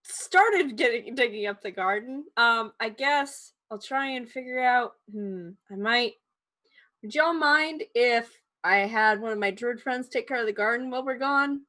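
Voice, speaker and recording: A woman takes her turn in a tabletop game, thinking aloud in slow, halting phrases. Her voice is bright and a little high. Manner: hesitant, slow, many fillers. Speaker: player.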